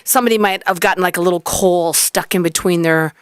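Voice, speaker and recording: Woman, radio guest, excitable storyteller, dry close studio mic. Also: fairly low pitch, fast, smooth, no room sound. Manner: excitable storyteller, acts out quotes. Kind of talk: casual chat.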